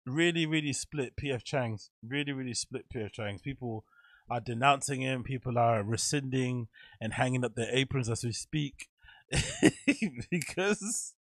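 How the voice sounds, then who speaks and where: A man's voice: mid-range voice, brisk, dry recording, clean studio sound. Incredulous man laughing through commentary. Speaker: streamer reacting to clips. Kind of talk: casual reaction commentary.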